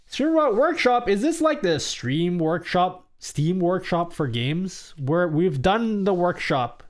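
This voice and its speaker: A young man chatting casually on a home live stream, his voice sitting a little high and swinging widely up and down. He reads viewers' messages aloud and answers them in a rambling way, often restarting his sentences. The sound is close and clean, from a desk microphone. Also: big pitch swings, takes it slowly. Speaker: livestreamer.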